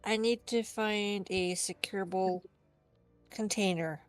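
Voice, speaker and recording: A woman's voice: medium pitch, steady tone, slow pace, faint music behind. A woman playing a tabletop game who talks in a dry, sarcastic way. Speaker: player.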